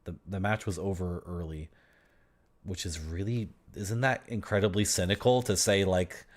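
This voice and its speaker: A man's voice: sits low, fairly even intonation, moderate pace. A man in his thirties giving casual, rambling commentary as he streams a game, chatting to his viewers and laughing often.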